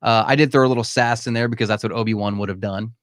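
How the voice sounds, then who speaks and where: A man's voice: on the low side, fairly even intonation, fast, dry recording, studio quality. A man hosting a live-stream Q&A from his home, talking candidly and emphatically and calling listeners "man". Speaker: podcast host. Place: home room.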